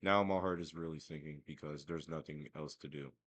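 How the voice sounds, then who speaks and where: A man's voice: extremely low pitch, fairly even intonation, fairly quick, a bit bright, slightly rough, no room sound. A young man telling a story as a casual, profane, self-mocking rant. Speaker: vlogger.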